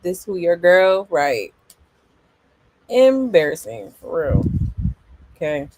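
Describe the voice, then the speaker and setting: A woman hosting celebrity gossip, casually reacting to clips and comments in a sassy drawl with loud laughs. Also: fairly low pitch, expressive, slow, dry recording.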